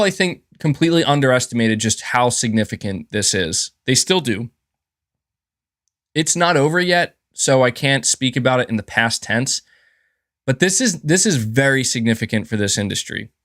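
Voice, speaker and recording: A man's voice: medium pitch, lively intonation, moderate pace, a bit bright, no echo, clean studio sound. A man hosting a live stream, giving heated, profane commentary and reading out chat messages. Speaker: livestream host.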